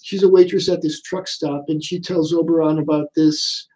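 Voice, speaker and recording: A man talks casually through a comic book, rambling and pausing with lots of ums and uhs. His voice sits fairly high for a man. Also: steady tone, warm tone, poor audio. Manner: rambling, many fillers. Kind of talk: casual chat.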